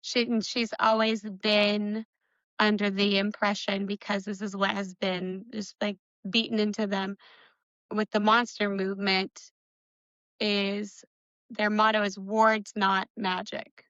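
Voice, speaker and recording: A bright-voiced young woman chats her way through a book recap, full of "like" and "um" and quick laughs. The sound is close and dry, a little dull and lo-fi. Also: mid-range voice, level tone, dry recording. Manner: chatty recapping with giggles and filler words. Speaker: book podcast co-host. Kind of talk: casual book discussion.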